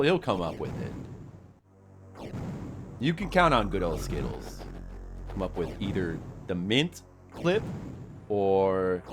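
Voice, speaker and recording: A man streaming a game, rambling and self-deprecating as he chats with his viewers. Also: lowish voice. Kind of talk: casual live-stream chat.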